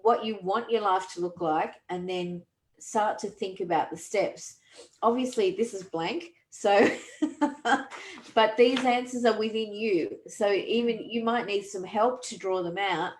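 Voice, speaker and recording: A woman who hosts a podcast and works as a coach talks in a conversational coaching style, earnest and reflective, often restarting her sentences. Her voice sits in the mid range and moves a little slowly. The recording has a roomy echo.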